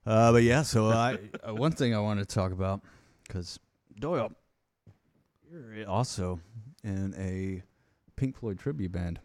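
A man's voice: on the low side, a little slow, a little mellow, dry recording, clean studio sound. A man hosting a podcast in casual chat, laughing often and retelling movie scenes. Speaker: podcast host.

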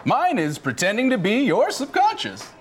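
A man's teasing inner voice, voiced in a scripted ad, high and jumping wildly up and down in pitch. He needles a friend about whether he is fit to drive. Keys jangle now and then behind him. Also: wildly swooping pitch, normal speed, noisy background, exaggerated voice. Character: adult man playing a drunk driver's nagging subconscious. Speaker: actor in a road safety ad.

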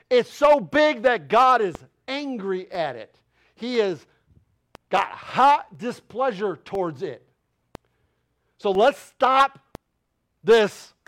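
A pastor delivers a sermon in a church sanctuary, his strikingly high voice swooping widely as he presses each point and slowing down to drive lines home. He speaks plainly and folksily with rhetorical questions, staying passionate and emphatic throughout and rising to loud declarations.

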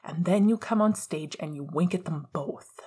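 A woman's voice: lowish voice, moderate pace, warm tone, breathy edge. A woman voicing a guarded young man whose words come out cold, sarcastic and biting. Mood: bitter. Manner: sarcastic, cutting.

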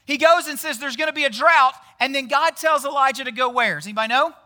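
Talking fast in a very high, pushed, bright voice, a man gives a chatty, casual sermon. The pastor frequently tosses questions at his listeners and ends many lines with "right?"

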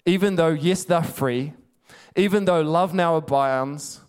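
Man preaching a sermon, smooth clear voice a bit on the high side, chatty and emphatic. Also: measured pace, a little mellow. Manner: emphatic, conversational storytelling.

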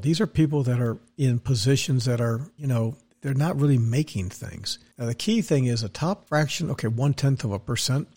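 A man's voice: medium pitch, dark tone, slightly rough. A man hosting his own podcast as a financial adviser, delivering a blunt, rambling, opinionated rant full of restarts. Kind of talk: opinionated solo podcast monologue.

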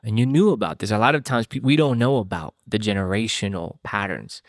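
A man's voice: lowish voice, a little fast, no room sound, studio quality. A man hosting an interview, asking earnest, probing questions. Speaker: interview host.

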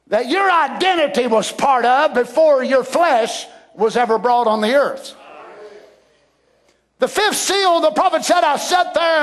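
A man preaching a fervent sermon, building to emphatic shouted peaks. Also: extremely high pitch.

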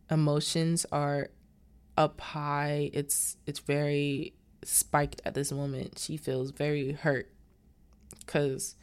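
A woman casually retelling a movie's plot as a recap host, acting out the characters' lines as she goes. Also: sits low. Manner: animated retelling with quoted dialogue.

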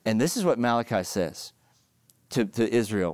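A middle-aged man preaches with lively, emphatic storytelling, his voice climbing high and loud at the peaks before settling back. His pitch sits in an ordinary middle range. The sound is dry and close, with no room echo. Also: fairly quick. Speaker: pastor. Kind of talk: sermon.

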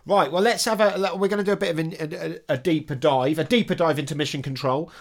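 A podcast host in casual conversation, jokey and chatty, who often laughs mid-sentence and sometimes reads aloud from a book slowly. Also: medium pitch. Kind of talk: casual chat interview.

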